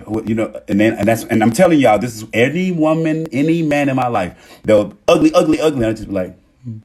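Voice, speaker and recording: A young man with a husky voice giving a rambling, emphatic live-stream monologue on relationships, often acting out what other people say. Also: mid-range voice, expressive, brisk, a little mellow. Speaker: TikTok live host.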